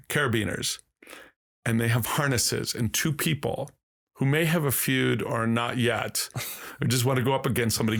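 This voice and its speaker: A man telling a long, animated story as a podcast guest in casual conversation. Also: mid-range voice, creaky. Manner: slow, drawn-out, animated storytelling.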